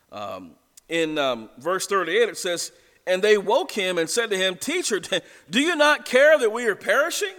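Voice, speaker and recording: A man's voice: on the high side, a bit bright. A male pastor preaching a sermon in a church, talking conversationally and chuckling as he tells the story. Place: church sanctuary. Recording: long church reverb.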